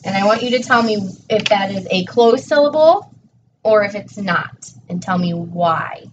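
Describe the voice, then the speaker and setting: A woman's voice: mid-range voice, animated, moderate pace. Patient woman tutoring, distant dull recording. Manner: patient, encouraging, praises often. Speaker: teacher. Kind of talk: one-on-one phonics tutoring. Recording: distant dull mic with faint noise.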